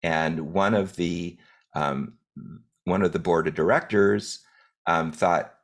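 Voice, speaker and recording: A man with a very low voice gives a business talk as a guest speaker. He speaks directly and in measured phrases, sometimes restarting a thought. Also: steady tone.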